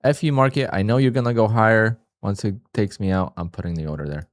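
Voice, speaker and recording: A day trader livestreams his trades in a lowish, animated voice at a quick pace, muttering to himself and scolding himself in sudden frustrated outbursts. The studio-quality recording has no echo.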